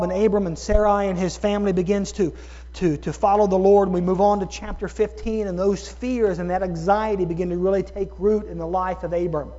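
A man preaching a sermon, moving from calm teaching to loud, excited preaching. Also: high-pitched. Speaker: pastor. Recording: dull sound with long hall reverb.

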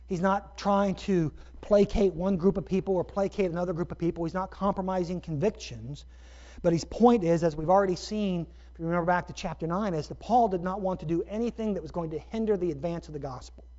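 A man's voice: high voice, brisk, warm tone. A man from Ohio preaching a sermon as pastor, talking conversationally with rhetorical asides. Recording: dull muffled recording.

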